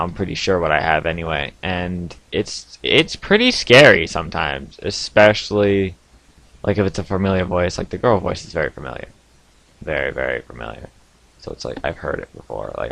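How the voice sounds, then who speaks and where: Animated young man with gravelly low voice. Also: dry recording. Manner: animated, loud sudden outbursts, frequent laughs and "like" fillers. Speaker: vlogger. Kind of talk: casual storytelling to camera. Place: basement room at home.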